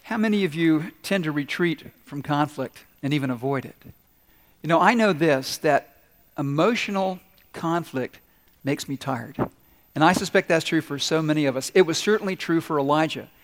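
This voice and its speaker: A man's voice: on the high side, normal speed, long reverb tail. A male pastor preaching a sermon, telling stories with acted-out quotes and putting questions to the congregation.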